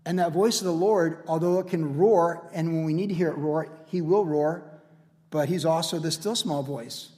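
A pastor delivering an emphatic, animated sermon, driving his points home with repetition. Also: a little high, moderate pace, big-room sound.

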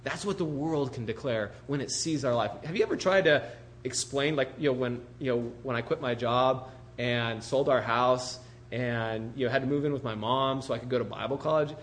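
A man preaching a sermon as a pastor, animated and full of rhetorical questions, often acting out the voices of others. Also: medium pitch, normal speed, a little hiss or hum. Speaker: pastor planting a church.

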